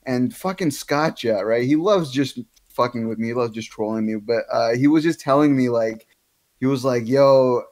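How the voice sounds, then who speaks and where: A man's voice: mid-range voice, normal speed, darkish tone. A man guesting on a podcast, telling a long, rambling story in casual chat and swearing often.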